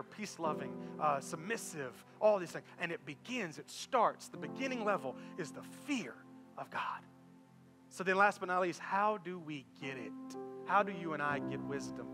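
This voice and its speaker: A middle-aged man, preaching a sermon and telling a story in a loose, conversational way that climbs to animated peaks. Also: high-pitched. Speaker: pastor. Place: church sanctuary. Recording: long reverb of a church hall with faint music.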